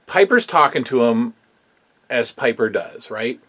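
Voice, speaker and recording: Guy rambling through a wrestling recap, lots of uhs and likes, blunt opinions, average pitch. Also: expressive, a little slow, fairly bright tone. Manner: rambling, filler-heavy, opinionated. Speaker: wrestling history show host. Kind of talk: casual review commentary.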